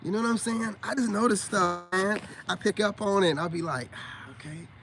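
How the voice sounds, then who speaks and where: A man's voice: high-pitched, fairly quick, fairly bright tone, a little hiss or hum. A man, casually livestreaming to viewers and teasing them with a drawling manner. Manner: drawling, teasing, repeats "you know what I'm saying". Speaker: self-styled spiritual coach livestreaming to viewers. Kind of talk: casual livestream talk to chat.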